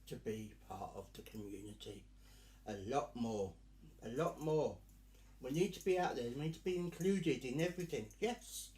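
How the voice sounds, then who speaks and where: A man performing in drag hosts a live virtual Pride stage address, camp and theatrical, calling the audience "dear" and "darling" while sweltering in his costume. His voice is mid-range and a little mellow, with a roomy sound.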